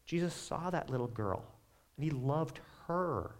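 A male pastor preaching in a relaxed, chatty way, his voice sitting a little high for a man. His pitch rises and falls freely, and he speaks in quick asides to the congregation. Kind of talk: sermon.

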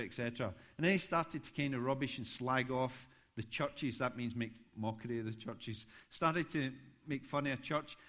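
A man, a pastor preaching a sermon, telling stories with rising animation. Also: mid-range voice. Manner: storytelling, animated when recounting events.

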